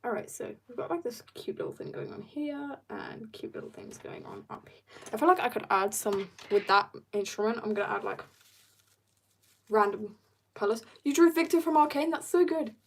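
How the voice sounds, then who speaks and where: Bubbly young woman with vocal fry. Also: fairly high pitch, expressive, moderate pace. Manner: bubbly and chatty, reading viewer comments and joking. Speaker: art livestreamer. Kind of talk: casual chat while drawing on a livestream.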